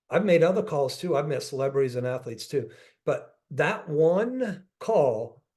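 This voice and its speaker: Man, real estate coach on a video call, earnest storyteller, slightly high voice, repeats himself. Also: darkish tone. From northeastern US. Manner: earnest, repeats phrases, restarts sentences. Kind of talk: motivational storytelling on a group call.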